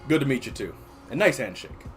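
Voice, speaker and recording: Man doing an easygoing big-guy young hero, lively pitch. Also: brisk, soft background music, natural voice. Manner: laid-back, easygoing. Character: big, friendly, brawny male young superhero.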